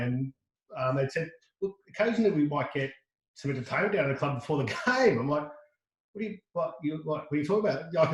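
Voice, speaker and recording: A middle-aged Australian man, a podcast guest, tells a lively anecdote full of restarts and quoted dialogue. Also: on the high side, reverberant, low-quality recording. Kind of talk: casual storytelling.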